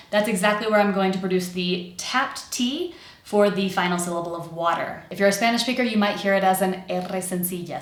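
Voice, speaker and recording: An American woman coaching pronunciation, sounding out words slowly and clearly. Her voice sits in a middle range and rings with a noticeable room echo. Her delivery is steady and instructive. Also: mid-range voice. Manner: clear and demonstrative, stretching and exaggerating sounds. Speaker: accent coach. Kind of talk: pronunciation lesson.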